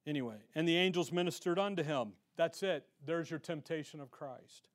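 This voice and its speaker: A man's voice: fairly high pitch, moderate pace. A man teaching a verse-by-verse Bible lesson, firing off punchy rhetorical questions and reading scripture aloud.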